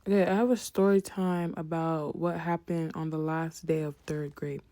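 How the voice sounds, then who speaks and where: A young woman telling a casual storytime, soft and hesitant, full of "like" fillers. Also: deep voice, steady tone, moderate pace, slight background noise.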